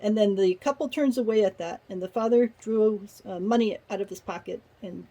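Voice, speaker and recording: A woman's voice: mid-range voice, normal speed, warm tone, poor audio. A woman giving a casual spoken review of a short story, retelling the plot conversationally with personal asides. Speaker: book reviewer.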